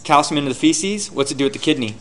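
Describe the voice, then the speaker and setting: A man teaching a class, lecturing and quizzing his students with rapid questions and answering them himself. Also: on the high side, expressive, fairly bright tone.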